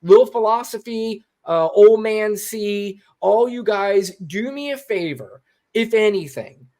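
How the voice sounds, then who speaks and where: A man co-hosting a podcast, giving casual political commentary in an animated, emphatic way and swearing freely. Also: high-pitched, slow pace. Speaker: podcast co-host.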